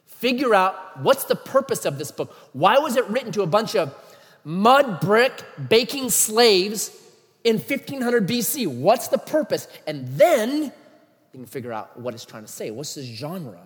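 Animated high-voiced male preacher. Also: unhurried, long reverb tail. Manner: animated, emphatic, many rhetorical questions. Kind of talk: sermon.

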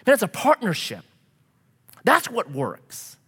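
A male pastor delivering a sermon with a high, lively voice that climbs and drops as he acts out the people he quotes. His tone is bright and forceful, and he swings between loud, punchy lines and quieter, reflective ones. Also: takes it slowly, breathy edge. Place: church.

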